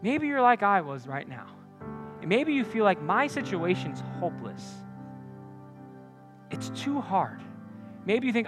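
A young man with a high voice preaches earnestly to a campus crowd. He swings between loud punchy lines and soft confiding asides. Faint music plays behind him. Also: big pitch swings, a little slow, long pauses. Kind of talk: sermon.

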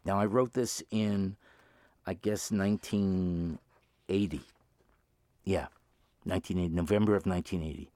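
An older man, a former radio DJ, tells stories and reads his own writing aloud in an animated, storytelling way. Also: normal speed, pauses often, no echo, clean studio sound. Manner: animated, jumps high in pitch when acting out pleading and quoted people. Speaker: former radio DJ, podcast host.

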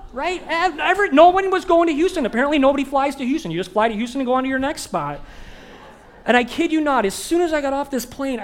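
Young guy pastor, highish voice, goofy self-mocking christmas travel story. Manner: animated, self-mocking humor. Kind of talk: storytelling sermon.

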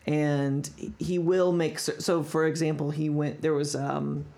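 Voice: medium pitch, little pitch movement, a little slow, vocal fry, mellow. A podcast host telling a story in casual chat, rambling with lots of restarts. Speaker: podcast host presenting a segment.

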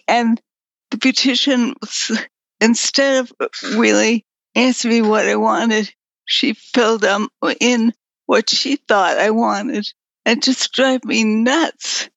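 A woman's voice: on the high side, no echo. A woman guest in a casual interview with a weak voice that fades in and out, speaking candidly and bluntly. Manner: candid, frank and blunt, with mild swearing. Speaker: guest, artist and writer. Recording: dull lo-fi recording.

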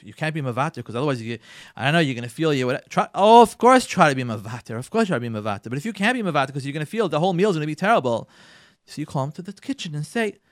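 A man hosts a radio advice talk and speaks to his listeners directly and emphatically. His pitch swings widely and sits a little high. He slips into quoted voices and repeats words for emphasis, and the sound is dry and close. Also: big pitch swings, rapid-fire, no echo. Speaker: radio show host giving marriage advice.

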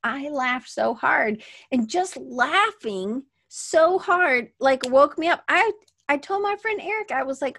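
A woman's voice: high-pitched, expressive, slow, gravelly, fairly bright tone, no room sound, clean studio sound. Chatty woman with a rambling delivery. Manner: rambling, chatty, restarts often; moves around at her desk. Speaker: podcast host. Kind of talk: casual livestream talk. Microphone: webcam at desk.

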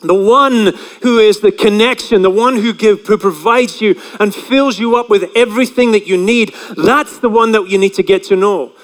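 High-voiced man preaching in a hall. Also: normal speed, few pauses. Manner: chatty, asks the congregation questions. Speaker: pastor. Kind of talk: sermon.

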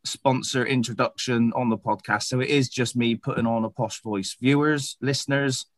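A man, hosting a podcast in a relaxed, rambling chat. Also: mid-range voice, normal speed, no echo. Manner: laid-back, rambling, wrapping up the episode. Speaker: podcast host.

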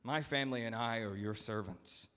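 A man's voice: medium pitch, moderate pace, bright, forceful tone, natural voice. A man voicing a humble, flustered farmer who stammers, heard in a long church reverb. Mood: grateful.

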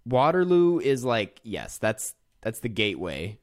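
Lively casual man co-hosting a podcast. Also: medium pitch, unhurried, dry recording, studio quality. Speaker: podcast co-host. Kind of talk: casual chat.

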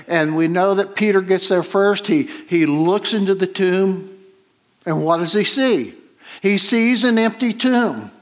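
A man preaching a sermon, retelling a scripture story slowly with many pauses and fillers. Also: sits high.

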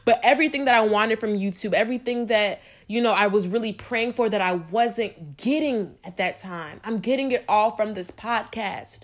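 A woman's voice: medium pitch, normal speed, hardly any pauses. A young woman hosting a podcast, talking earnestly and emotionally about faith straight to her listeners. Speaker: podcast host. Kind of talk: heartfelt faith talk.

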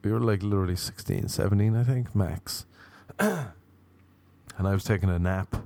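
A man's voice: sits low, fairly even intonation, moderate pace, gravelly, mellow, no echo. An Irish man telling rambling, profane comic stories in a wry, offhand way. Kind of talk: casual comedic monologue.

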